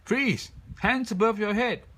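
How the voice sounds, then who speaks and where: A man's voice: high-pitched, measured pace, a bit bright, slight background noise, voice pushed up. A man voicing a blustering male police chief who barks orders in a storybook reading. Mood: bossy. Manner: barking, bossy.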